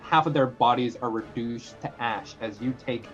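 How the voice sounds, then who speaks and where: A man running a tabletop roleplaying session as game master, narrating the scene in a relaxed way and dropping in little sound effects. His voice sits mid-range, and the recording is a bit dull and lo-fi with faint music underneath. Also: medium pitch, normal speed.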